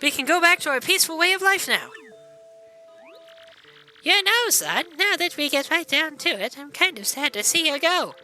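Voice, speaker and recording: A man's voice: extremely high pitch, very animated, moderate pace, sharp tone, soft background music, voice pushed up, full character voice. A man voicing a chatty, long-winded old female elder creature from a video game. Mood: grateful.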